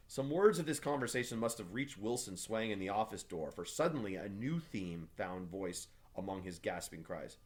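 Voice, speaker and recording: A man, a teacher, reading a novel aloud for his class with steady, measured delivery. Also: lowish voice.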